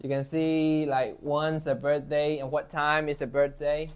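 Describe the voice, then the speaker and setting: A man's voice: on the high side, little pitch movement, measured pace, smooth. A man teaching an English class, asking students questions and modeling phrases for them to repeat. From Myanmar. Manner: encouraging, asks questions, models phrases for repetition.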